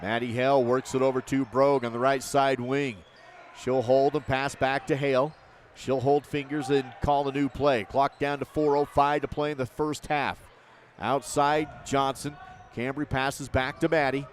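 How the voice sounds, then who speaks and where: A man calling a live basketball game play by play, in quick, clipped phrases that lift on missed shots. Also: medium pitch, little pitch movement, slight background noise. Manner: rapid, clipped calls that rise on misses. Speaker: play-by-play announcer.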